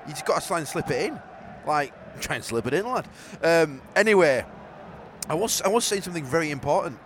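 A man talks quickly, his pitch bouncing all over as he teases and giggles on a football podcast. Faint outdoor noise sits under his voice in the press box. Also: expressive, a bit bright. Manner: cheeky, giggly, teasing. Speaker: podcast co-host. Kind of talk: casual football podcast chat.

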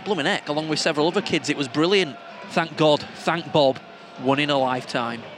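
Male podcast co-host, slightly high voice, wry and chatty, recorded at an outdoor stadium with faint background noise. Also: a little fast, a bit bright. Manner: reads out listener messages, chatty and wry. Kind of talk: casual football podcast chat from the stands. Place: football stadium stands, outdoors.

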